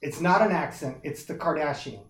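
Man, fairly high voice, emphatic ranter, roomy echo. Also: animated, moderate pace, slight background noise. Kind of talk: casual chat.

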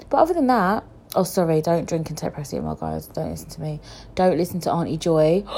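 A young woman chatting casually to camera as a vlogger, excitable and quick to laugh and swear. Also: on the low side. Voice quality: visually impaired speaker.

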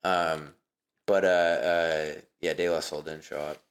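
A man's voice: rumbling low, flat delivery, measured pace. A man co-hosting a podcast, rambling through crude casual banter and laughing easily. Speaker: podcast co-host.

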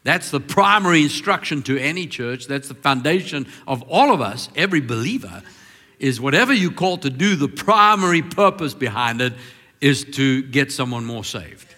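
A man preaching a sermon as pastor, swinging between emphatic, drawn-out declarations and quieter, confiding storytelling. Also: medium pitch, sing-song, in a large hall.

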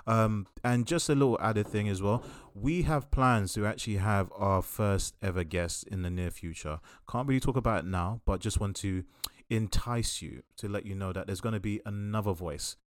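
A man's voice: on the low side, normal speed, no echo. A man co-hosting a podcast in casual chat, laid-back and teasing. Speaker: podcast co-host.

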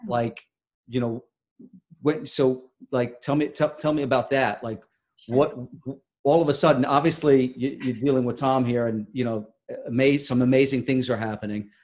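A man's voice: mid-range voice, steady tone, darkish tone. A man hosting an interview, asking long questions full of restarts and fillers. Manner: rambling, halting questions. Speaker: host. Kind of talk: conversational interview.

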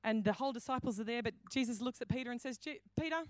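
Aussie woman pastor preaching, fairly high voice, animated, acts out the voices in her stories, dry close sound. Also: racing, no room sound. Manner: animated storytelling, acting out quoted voices. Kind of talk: sermon. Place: church hall.

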